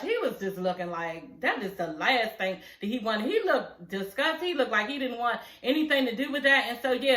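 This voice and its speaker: A woman giving a casual, animated recap of a reality show, cursing freely and laughing as she talks. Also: on the high side, reverberant, low-quality recording. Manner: animated, profane, laughing asides.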